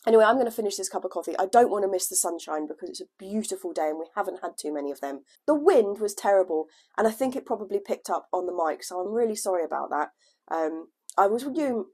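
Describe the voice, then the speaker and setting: A woman chatting casually at home on her gardening vlog, her voice lowered by a cold, laughing at herself now and then. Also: expressive, fast, slightly rough. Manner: chatty, self-deprecating, laughs often. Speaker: gardening vlogger. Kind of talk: casual chat. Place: at home indoors, at a desk.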